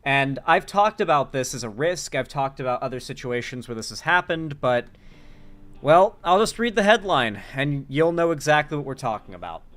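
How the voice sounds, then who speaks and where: A man's voice: medium pitch, animated, normal speed, a bit bright. A man doing casual livestream commentary, reading chat messages and swearing freely. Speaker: streamer and political commentator.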